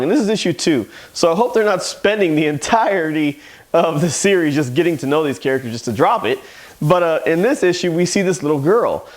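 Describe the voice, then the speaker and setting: Rambling male comic shop host. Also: on the high side. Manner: loose, rambling plot retelling. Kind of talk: casual comic book review.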